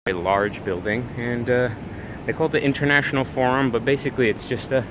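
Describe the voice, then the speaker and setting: A man's voice: medium pitch, steady tone, brisk. A man live streaming as he walks a city, chatting in loose, rambling asides to viewers. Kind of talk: casual walking live stream commentary. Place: busy city street outdoors. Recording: clear city street noise behind. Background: traffic and street ambience.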